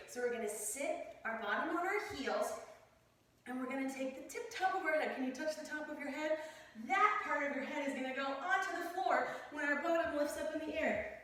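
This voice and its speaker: A woman's voice: high-pitched, heavy reverb, distant mic. A woman guiding a children's yoga class, playful and encouraging as she demonstrates poses. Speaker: kids yoga teacher.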